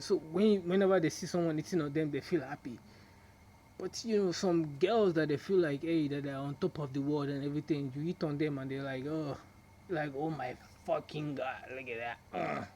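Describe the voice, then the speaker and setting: A young man talking casually to the camera in a rambling monologue, laughing often and dropping into a low drawl when he quotes himself. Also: dark tone. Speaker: vlogger.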